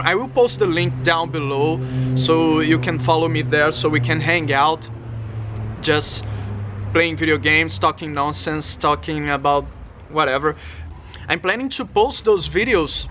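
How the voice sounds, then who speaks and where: A man's voice: a little high, a little slow, noisy background. A man with a non-native English accent giving a rambling, casual update to his channel's viewers, restarting his sentences often. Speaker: singer and YouTuber. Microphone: studio condenser mic.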